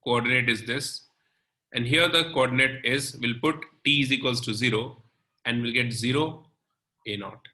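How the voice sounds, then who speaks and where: Bright-voiced male chemistry teacher, echoey room. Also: medium pitch. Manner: slow, step-by-step explaining with frequent "okay" and "right". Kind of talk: recorded lecture explaining on a board.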